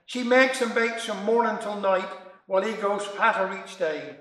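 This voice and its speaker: A man's voice: high voice, normal speed, fairly bright tone, roomy sound, poor audio. A man with a Cornish accent reciting humorous dialect poems and stories, chuckling between tales. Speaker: dialect storyteller.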